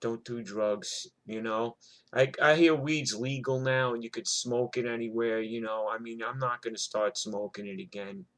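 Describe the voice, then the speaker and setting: A man's voice: mid-range voice, moderate pace, a bit bright. Rambling, profane middle-aged storyteller man. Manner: rambling, profane, lots of fillers. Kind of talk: casual spoken storytelling.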